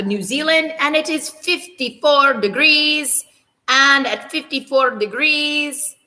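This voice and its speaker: A woman's voice: high voice, bright, forceful tone, big-room sound. A woman teacher running a playful morning meeting for children, humming little tunes and teasing herself as she goes. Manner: playful, self-teasing, hums and sings little transition tunes.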